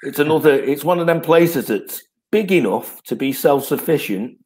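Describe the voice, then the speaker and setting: A man's voice: fairly high pitch, expressive, normal speed, darkish tone. A man, a guest who tells rambling anecdotes in casual chat and laughs as he tells them. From North West England.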